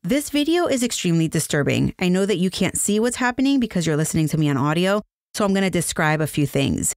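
Woman podcast host, lower voice, lively intonation, earnest and direct to the listener. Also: fast, few pauses, soft background music. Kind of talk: podcast narration.

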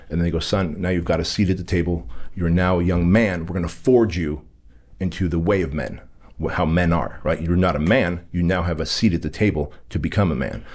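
A man's voice: low-pitched, darkish tone. A man from Armenia, a podcast guest, candidly tells a personal story and acts out the quoted dialogue with emphasis.

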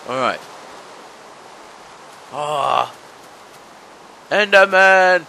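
A young man giving let's-play commentary, talking to the monsters and yelping and shouting whenever they hit him. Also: medium pitch, big pitch swings, slow, long pauses, slight background noise, rough recording. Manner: talks to monsters, yelps and shouts when hit. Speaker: gaming channel host.

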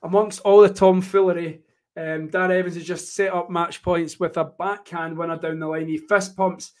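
A man's voice: high-pitched, little pitch movement, moderate pace. A man with a Scottish accent hosting a casual live tennis watchalong, chatty and joking, rambling with plenty of fillers. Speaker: host.

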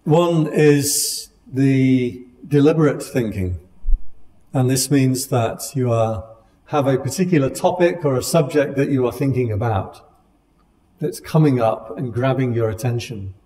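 A man giving a dharma talk to a meditation class, speaking in a calm, conversational way with gentle humor. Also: medium pitch, unhurried. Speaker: meditation teacher. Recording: long hall reverb.

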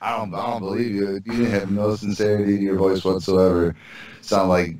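A man's voice: low voice, level tone, fairly quick, a little mellow, echoey room. A man co-hosting a podcast, teasing and playing hurt in crude banter. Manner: teasing, mock-offended. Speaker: podcast co-host.

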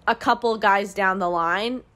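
A woman's voice: mid-range voice, unhurried, fairly bright tone. A young woman recapping a book casually. She talks in a chatty, sarcastic way and says "like" a lot. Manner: sarcastic, chatty, heavy use of "like". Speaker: book reviewer. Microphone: camera mic.

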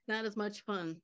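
A woman's voice: medium pitch, clear, resonant tone, natural voice. A woman improvising a flashy, shameless schemer who talks in a breezy, smug way on stage. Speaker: improv performer. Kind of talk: live improv comedy scene. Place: theater stage.

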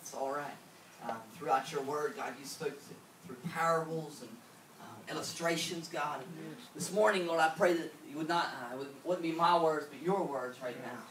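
A male pastor praying and preaching casually, halting with fillers and repeats. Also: fairly high pitch, a bit bright, a little hiss or hum. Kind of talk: sermon with opening prayer. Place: church sanctuary. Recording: echoey church hall from far off, music behind.

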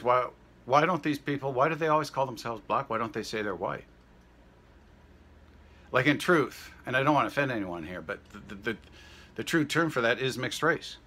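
A man's voice: fairly low pitch, bright, forceful tone. Folksy Canadian man saying "eh" a lot. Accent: Canadian, Saskatchewan. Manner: folksy, tacks "eh" onto sentences; rambling, with many fillers and restarts. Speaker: vlogger playing a comic persona. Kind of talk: casual to-camera monologue.

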